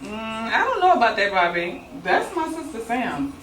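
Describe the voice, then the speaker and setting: A woman's voice: a little high, big pitch swings, normal speed, a bit bright. A woman rehearsing the part of Miss Rach, a puzzled grown woman, in a bemused, questioning delivery. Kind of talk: rehearsal line reading. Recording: roomy, distant mic, faint background noise.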